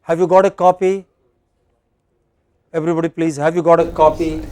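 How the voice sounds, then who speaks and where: This English teacher's voice sits on the high side and is a little mellow, with fairly even intonation, normal speed and long pauses. Teaching in an indoor classroom, he keeps things chatty, restarts his sentences and puts questions to his students.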